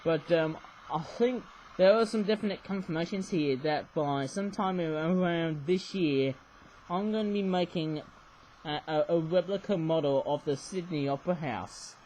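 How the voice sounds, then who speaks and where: A man's voice: on the high side, normal speed, darkish tone, a little hiss or hum, rough recording. A man rambling casually through a toy review, peppering his talk with little exclamations and tag questions. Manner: rambling, chatty, frequent "oh my goodness me" and "eh?".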